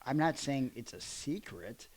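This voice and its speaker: A man's voice: medium pitch, animated, unhurried, a crowd in the background. A man co-hosting a wrestling podcast, talking bluntly and profanely with plenty of fillers. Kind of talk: casual chat.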